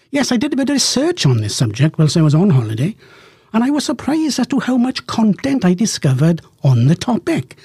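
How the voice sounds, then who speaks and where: A man's voice: a little high, mellow, husky, no room sound. A man presenting a live radio show in a studio, chatting jovially with rambling, self-mocking asides. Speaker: radio host. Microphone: studio microphone.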